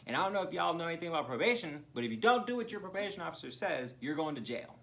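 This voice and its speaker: Man, twenties, brash profane storyteller, bright tone. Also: very fast, vocal fry. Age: 20s. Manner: profane, laughing, drops into low flat voice to quote others. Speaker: podcast co-host. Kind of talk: casual comedic storytelling.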